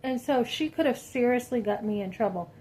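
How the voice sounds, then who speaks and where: A woman vlogger telling a personal story to her viewers in an animated, indignant, chatty way. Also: fairly high pitch, brisk, poor audio. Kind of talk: casual storytelling to camera.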